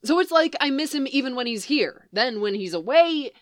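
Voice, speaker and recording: Sulky, high-strung adult man, a woman narrator doing him, petulant and pitched up, smooth dry read. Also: animated, moderate pace, no echo. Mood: gloomy. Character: neurotic, prickly adult man, gloomy and sulky.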